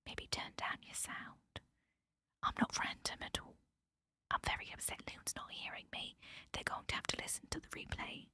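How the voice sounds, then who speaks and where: A woman doing whispered role-play as a nosy gossip, putting on a mock British accent in a breathy whisper. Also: normal speed, sharp tone, dry recording, lightly acted. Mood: hushed teasing. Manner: playful, gossipy, teasing.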